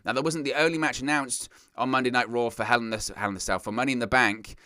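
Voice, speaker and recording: A man's voice: mid-range voice, fast, dry recording, studio quality. A man hosting a wrestling news show, giving casual, exasperated and opinionated commentary. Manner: exasperated, ranting, animated.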